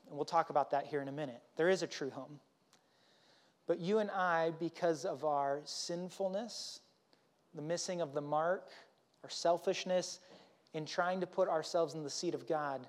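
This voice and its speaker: A man preaching a sermon as pastor, in a conversational and animated way that keeps checking in with the congregation. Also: on the high side. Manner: conversational, animated, often asks "right?". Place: church.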